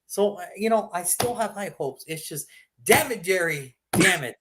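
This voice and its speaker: A man's voice: high voice, expressive, moderate pace, heavy background noise. A man co-hosting a sports prediction show, talking casually and animatedly, swearing and slipping into mock voices.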